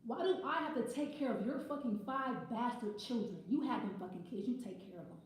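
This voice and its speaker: A woman's voice: on the high side, a little fast, heavy reverb, a little hiss or hum, poor audio. A woman giving a casual tarot reading, ranting bluntly and swearing freely. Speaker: tarot reader.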